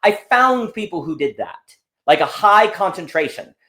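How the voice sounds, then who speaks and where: A man speaks as a conversation guest, his voice sitting a little high and swinging widely in pitch as he tells stories. He talks in loose, rambling runs, often restarting his sentences and tumbling into asides. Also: normal speed. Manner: animated, rambling storytelling with frequent restarts. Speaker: podcast guest. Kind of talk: casual conversation.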